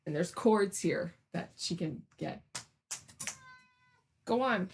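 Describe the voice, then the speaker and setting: Woman, casual home vlog, talking to a pet, playful scolding, slow pace, faint noise. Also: on the low side, expressive. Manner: playful baby-talk to a pet, scolding and cooing. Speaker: cosplay sewing vlogger. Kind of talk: casual chat with her cat. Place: home sewing room.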